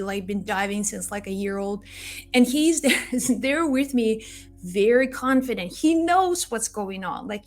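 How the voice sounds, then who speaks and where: A woman giving a spiritual card reading, who tells a personal story in an earnest, reassuring way and repeats phrases often. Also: fairly high pitch. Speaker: tarot card reader.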